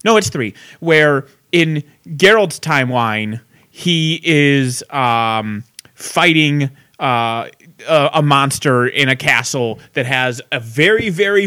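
A man's voice: on the high side, animated, slow pace, sharp tone, smooth, no echo, clean studio sound. A man co-hosting a casual chat show, talking loosely with profanity and frequent laughter. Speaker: podcast co-host.

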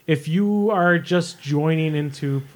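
A man's voice: a little high, slow. A man hosting a podcast in casual chat, rambling and self-deprecating, with casual swearing. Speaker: podcast host.

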